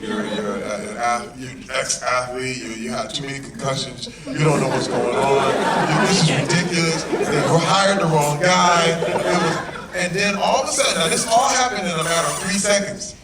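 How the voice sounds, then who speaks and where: A man telling a story at a premiere Q&A, lively and laughing, acting out quotes. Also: fairly high pitch, normal speed. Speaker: guest actor at a premiere Q&A. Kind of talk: animated storytelling in a Q&A. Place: large cinema hall with audience. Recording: echoey hall recorded from far off. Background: loud audience crowd.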